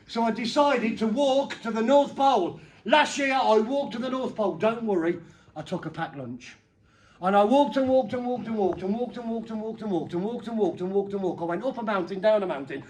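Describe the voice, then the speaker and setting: A middle-aged man performing a comedy magic act, bantering playfully with the crowd and breaking into sudden loud bursts. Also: high voice.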